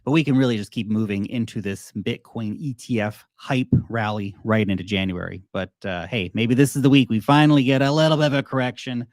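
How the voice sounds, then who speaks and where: Australian male host, animated and jokey market chat, average pitch, dry close-miked sound. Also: a little fast, hardly any pauses, dry recording. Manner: animated, joking, mocks investors in put-on voices. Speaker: crypto video host. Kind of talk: casual market commentary.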